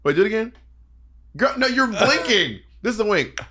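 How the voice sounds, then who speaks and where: A man co-hosting a podcast in a casual recap chat. He is animated and acts out the people he quotes in little voices. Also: high-pitched, moderate pace, husky. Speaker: podcast co-host.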